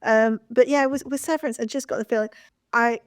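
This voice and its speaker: A sweary, emphatic woman holding forth on a podcast panel. Her voice sits fairly high, and the recording is close and dry, with no room sound. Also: fairly even intonation, brisk, no echo. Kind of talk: casual panel chat.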